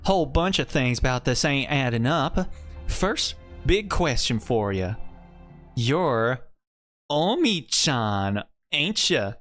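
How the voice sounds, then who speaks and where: A man's voice: mid-range voice, very animated, takes it slowly, fairly bright tone, faint music behind. A man voicing a folksy woman with a put-on Southern US drawl and slangy talk. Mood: sly.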